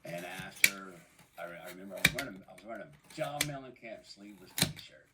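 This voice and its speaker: A man with a low-pitched voice tells long, winding anecdotes as a podcast guest. He stumbles and restarts often as he talks. Loud clicking and typing noise runs underneath the recording. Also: fast talker, distant mic. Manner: rambling, animated storyteller with many restarts. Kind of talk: storytelling in casual chat.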